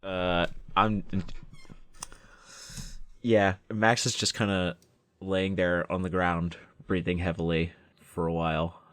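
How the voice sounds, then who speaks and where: A man's voice: deep voice, little pitch movement, takes it slowly, long pauses. A man playing a tabletop game, hesitant and laid-back. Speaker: player.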